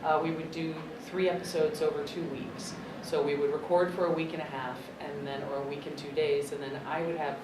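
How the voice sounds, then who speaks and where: A woman who works as a voice actor and dub director, answering press questions in a chatty, expressive way, thinking aloud. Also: sits low, a little fast, hardly any pauses. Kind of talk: press interview answers at a convention. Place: convention press room. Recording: echoey convention room, distant mic, loud background noise.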